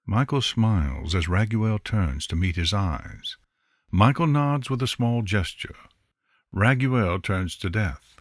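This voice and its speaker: A man narrating a fantasy novel in an unhurried, expressive storytelling manner. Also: lowish voice, no echo. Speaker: audiobook narrator. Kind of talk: scripted narration.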